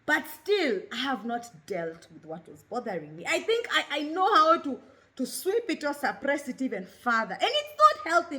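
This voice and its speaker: A Kenyan woman in her thirties, hosting a talk show, speaks in a high, bright, forceful voice. She mixes English with Swahili as she gives an open, expressive, candid personal monologue.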